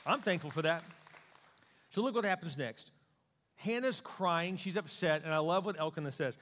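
A male pastor preaching a sermon in a conversational, joking and animated way. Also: a little high, moderate pace, long reverb tail.

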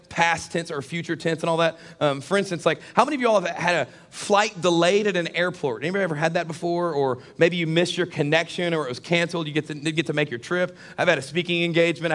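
A middle-aged male pastor preaching a sermon, telling a comic story to his congregation. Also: a little high. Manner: animated, jokey storyteller who addresses the congregation.

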